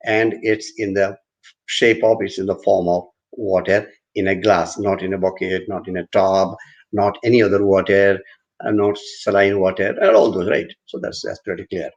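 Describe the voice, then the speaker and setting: A man's voice: low-pitched, level tone, normal speed, muffled recording. A man giving an online university lecture, repeating and restarting phrases as he explains with everyday examples.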